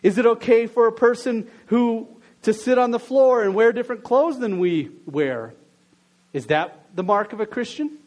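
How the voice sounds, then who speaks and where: High-voiced earnest pastor. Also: male voice, lively intonation, normal speed. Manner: earnest, questioning, drops softer in prayer. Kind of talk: sermon with opening prayer.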